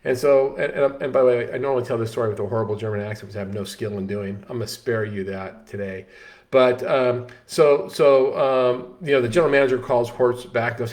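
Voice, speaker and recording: A man telling a story in a casual talk, animated, with many restarts and fillers. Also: medium pitch, brisk. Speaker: host.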